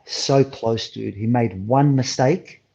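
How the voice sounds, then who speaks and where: A middle-aged man, an animated storyteller who swears freely, talking as a guest on a remote call. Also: medium pitch, slow, gravelly. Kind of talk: casual interview over a call. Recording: dull lo-fi call audio.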